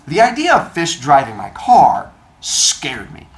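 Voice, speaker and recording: A man telling a comedic personal story, animated and acting out the dialogue. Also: fairly high pitch. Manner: animated, acts out dialogue with quick voice changes.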